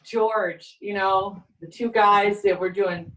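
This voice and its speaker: Woman comic starting her set slowly on a video call, kinda far from the mic, faint hiss. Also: mid-range voice, fairly even intonation, fairly bright tone. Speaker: stand-up comedian. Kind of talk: opening a stand-up set over video call. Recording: distant mic with faint noise.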